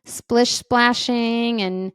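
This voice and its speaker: A woman, a parenting educator, talking casually to parents and checking in often with a quick question. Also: a little high, fairly even intonation, clean tone, no echo, clean studio sound. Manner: conversational, often checks in with "right?"; acts out feelings and inner voices. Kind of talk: casual advice talk.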